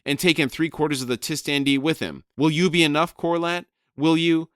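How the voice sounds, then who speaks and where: A man's voice: fairly even intonation, fairly quick, dry recording, studio quality, natural voice. A man shrieking as an ancient furious raven. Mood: frantic, furious. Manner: shrill, shouting.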